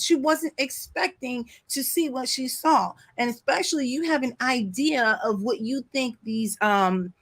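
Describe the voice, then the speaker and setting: In a rough recording, a high-pitched commentary vlogger sits near the back window at home and tells a long story. She rambles casually with lots of asides and apologies, laughing and animated throughout.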